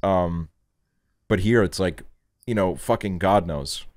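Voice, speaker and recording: Young guy from estonia hosting a podcast, lowish voice, swears a lot, chill chat. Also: takes it slowly, no echo, studio quality. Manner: loose and profane, animated when quoting himself. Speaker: podcast host. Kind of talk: casual chat.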